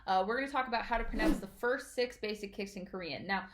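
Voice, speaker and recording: A woman's voice: mid-range voice, quick pace, heavy background noise. A woman teaching as a martial arts instructor, explaining patiently and checking in often with "all right?".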